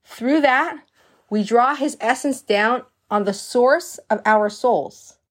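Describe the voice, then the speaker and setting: Woman teaching Torah, pitched a bit high. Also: slow pace. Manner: reads Hebrew passages aloud and translates them line by line; earnest, explaining with stories and rhetorical questions. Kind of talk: explanatory Torah lesson.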